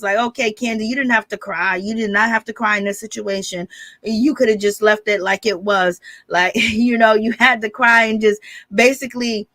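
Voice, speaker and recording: Bright-voiced chatty gossip commentator woman. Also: medium pitch, normal speed, dry recording. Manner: chatty, animated, laughs often, uses "baby". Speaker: reality TV commentator. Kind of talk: casual gossip recap.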